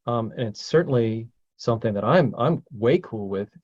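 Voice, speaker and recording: Emphatic, lively man with a lo-fi sound. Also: normal speed. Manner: emphatic and profane, swings loud and high when stirred. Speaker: spiritual teacher hosting a group talk. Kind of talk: casual group talk.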